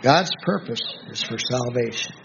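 Male preacher, gravelly voice, halting delivery, dull lo-fi recording with faint hiss. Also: mid-range voice, expressive. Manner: slow, halting, with many restarts and fillers; reads scripture aloud in a slow, measured voice. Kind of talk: Bible study sermon.

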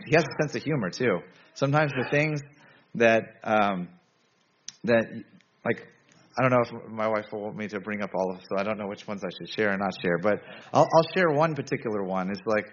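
A man's voice: on the low side, slight background noise. Man giving a conversational sermon, lo-fi. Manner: conversational, self-correcting, with frequent restarts. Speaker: preacher.

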